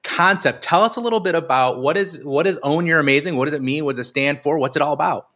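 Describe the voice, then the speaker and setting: A man's voice: fairly high pitch, fast talker, a bit bright. A man hosting a podcast interview, asking friendly questions with many restarts. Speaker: podcast host. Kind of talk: casual interview.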